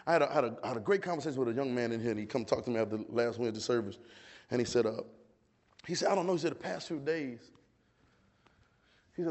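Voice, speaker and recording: Male preacher in the pulpit, high-pitched, fervent and repetitive, calls the congregation to answer back. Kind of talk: sermon with call-and-response. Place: church service.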